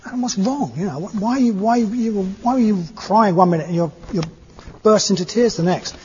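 A man's voice: high-pitched, brisk, a little mellow, a little hiss or hum, pitched above the performer's own voice, lightly acted. A man voicing a flustered, defensive young monk scholar in a told story. It is recorded in an echoey hall with dull, lo-fi sound.

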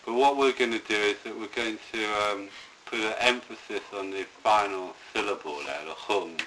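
Man, deep bright voice, meditation teacher, rambling and hesitant, restarts often. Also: moderate pace, slight background noise, rough recording. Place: indoor room with a live group.

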